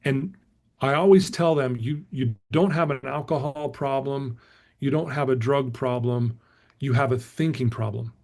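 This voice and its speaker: A man's voice: medium pitch, unhurried, a little mellow. Earnest middle-aged male motivational speaker. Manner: storytelling, earnest, repeats himself with fillers. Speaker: motivational speaker and recovery coach. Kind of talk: casual motivational talk.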